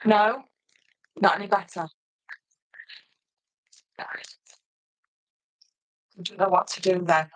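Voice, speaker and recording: A middle-aged woman, chatting loudly and laughing often as she presents paper crafts on a live stream. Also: lowish voice, fairly even intonation, slow, pauses often, no room sound, poor audio. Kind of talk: casual live stream chat.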